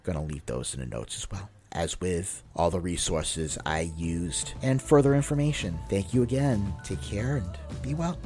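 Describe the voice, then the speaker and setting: A man hosting a podcast, reading a story aloud in a steady, measured way and closing the episode. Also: low voice, over music. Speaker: podcast host.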